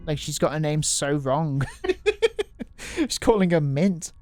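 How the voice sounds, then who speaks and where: A man's voice: on the high side, moderate pace, darkish tone, faint music behind. A man hosting a gaming video, reading a story game's narration aloud and chuckling between lines. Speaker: gaming host.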